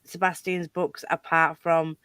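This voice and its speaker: A man's voice: fairly high pitch, flat delivery, unhurried, pushed and bright, clean tone, no room sound. A man in a casual chat with friends, talking enthusiastically about a narrator.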